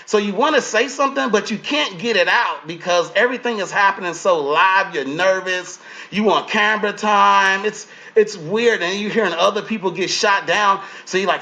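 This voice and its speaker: Brief: former reality contestant, man, high bright voice, lively profane storyteller. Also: fairly quick, dull audio. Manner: animated storytelling, profane, acts out quotes. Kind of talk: casual interview storytelling.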